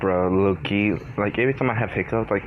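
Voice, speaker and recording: A young man with a very low voice chats to his viewers from a garage, fighting off hiccups. He sighs heavily, swears and rambles in frustration. The recording is dull and lo-fi with a faint hum of ambience behind him. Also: brisk. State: has the hiccups. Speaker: channel host. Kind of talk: casual vlog chat.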